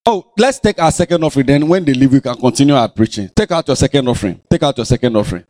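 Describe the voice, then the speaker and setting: A man's voice: medium pitch, racing, no echo. A man with a Ghanaian accent preaching a sermon as pastor in a church, scolding and teasing his congregation. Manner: animated, scolding, playful.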